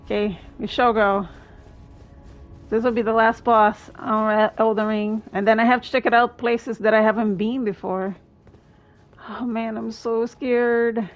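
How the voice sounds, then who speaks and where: A woman streaming a video game, reacting excitedly to boss fights and chatting to her viewers. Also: mid-range voice, normal speed, lo-fi sound, faint music behind. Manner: excitable, exclaims often, thanks viewers. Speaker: gaming streamer. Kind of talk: live gameplay commentary.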